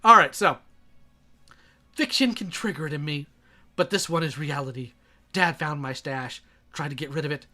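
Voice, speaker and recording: A man's voice: on the high side, moderate pace, pauses often, sharp tone, soft background music. A man reading messages aloud and reacting in a sarcastic, exasperated way.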